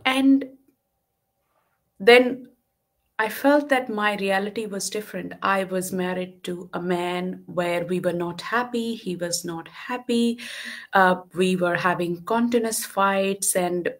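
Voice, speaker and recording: A woman's voice: medium pitch, takes it slowly. Earnest woman telling her story on a call. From lives in Western Australia. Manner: earnest and candid, many fillers. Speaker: guest. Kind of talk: personal story in a live online talk.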